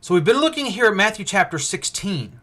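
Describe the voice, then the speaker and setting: Male host, slightly high pitch, rambling unscripted livestream preacher, thinks out loud. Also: very animated, a little fast. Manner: rambling, thinking aloud, frequent restarts and fillers. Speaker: preacher hosting a livestream Bible study. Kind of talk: casual livestream Bible teaching.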